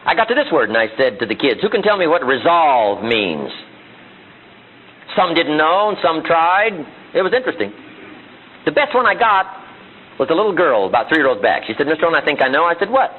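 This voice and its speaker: A man's voice: a little high, very animated, moderate pace, pauses often, a little hiss or hum. A middle-aged man giving a motivational seminar speech, full of rhetorical questions and acted-out quotes. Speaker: motivational speaker. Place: seminar room with audience. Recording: tinny phone-like archive audio.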